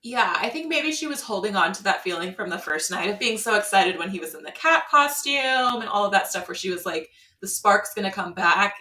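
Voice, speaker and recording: A woman's voice: medium pitch, brisk, few pauses, reverberant, recorded from a distance. A woman co-hosting a podcast, recapping a reality show in casual chat and acting out the quotes as she goes. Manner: animated storytelling with acted-out quotes. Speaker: podcast co-host.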